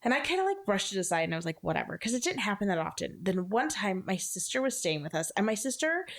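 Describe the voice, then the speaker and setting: A woman in her thirties, a podcast co-host, telling a personal ghost story in casual chat, animated and full of filler words. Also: medium pitch, quick pace.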